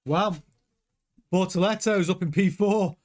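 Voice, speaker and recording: A man hosting a live race watchalong, chatting excitably over the timings with frequent stumbling restarts. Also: sits high, measured pace. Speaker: host.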